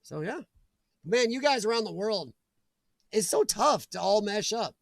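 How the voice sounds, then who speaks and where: A man with a rather high voice chats casually on his live stream from home. He rambles from topic to topic and greets viewers as he goes. The sound is dry and close, with little room around it. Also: expressive, measured pace, vocal fry, dry recording. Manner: rambling and chatty, reading out viewer comments. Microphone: desk mic.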